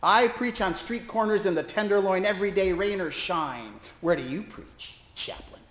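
A man's voice: sits high, moderate pace, a bit bright, echoey room, voice pushed up. A man voicing a grizzled street preacher in his sixties who growls, sneers and fires accusations. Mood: sneering.

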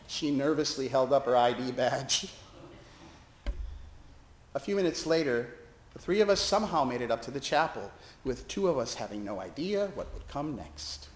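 A man's voice: fairly high pitch, reverberant, slight background noise. A male pastor preaching a sermon, telling a hospital story and acting out the voices in it. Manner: expressive, acting out quoted voices. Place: church sanctuary.

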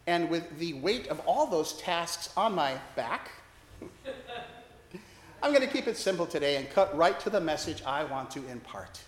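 A man's voice: fairly high pitch, echoey room. A man preaching a sermon as a priest, telling a story with wry, self-deprecating humor.

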